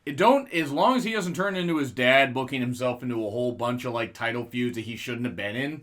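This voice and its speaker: A man's voice: mid-range voice, brisk, a bit bright. A man co-hosting a podcast, chatting loosely about wrestling, swearing freely and laughing at his own jokes. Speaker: podcast co-host. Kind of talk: casual wrestling chat.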